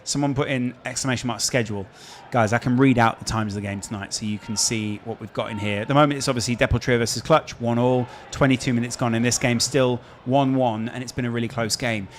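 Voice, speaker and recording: A man's voice: medium pitch, steady tone, fast talker, hardly any pauses, slight background noise. Chatty English man with a Scouse accent. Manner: chatty, reads out and answers viewer questions. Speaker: streamer host. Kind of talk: casual live-stream chat.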